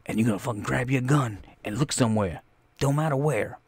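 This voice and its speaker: A man's voice: medium pitch, a little fast, husky, dry recording. Man doing a hot-tempered, foul-mouthed film director. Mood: coaxing. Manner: coaxing, then yelling insults.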